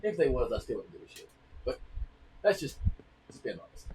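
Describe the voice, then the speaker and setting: A man's voice: mid-range voice, big pitch swings, fast talker, pauses often, fairly bright tone, slight background noise, rough recording. A man streaming a game and chatting to his partner and his viewers, rambling in a casual, drawling way and laughing between stories. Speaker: gaming streamer. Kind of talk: casual chat while gaming.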